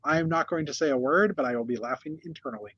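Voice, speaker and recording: A man's voice: a little high, lively intonation, fast talker, fairly bright tone, no room sound, highs cut off. A man hosting a casual news chat from a hotel room, rambling with many fillers and restarts. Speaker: host.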